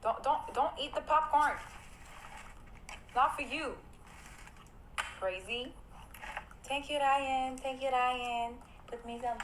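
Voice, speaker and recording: A young woman livestreaming from her home, talking to her viewers in a jumpy, excitable way and pleading with them and her dog. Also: fairly high pitch, slight background noise, low-quality recording. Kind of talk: casual livestream chat. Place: home at night.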